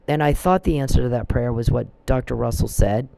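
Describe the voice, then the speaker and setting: A man delivers a preachy, emphatic religious talk and quotes scripture as he goes. His voice is mellow and dark, with a gravelly creak, at a middle pitch. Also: steady tone, fairly quick, few pauses, poor audio. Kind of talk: religious exhortation monologue.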